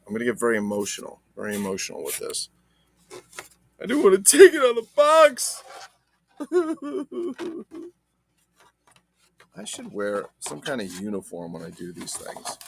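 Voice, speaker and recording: A man's voice: fairly low pitch, vocal fry, fairly bright tone, slight background noise. A man hosting a casual toy unboxing vlog, joking and talking to viewers while handling items, with mock-dramatic asides. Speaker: toy collector host.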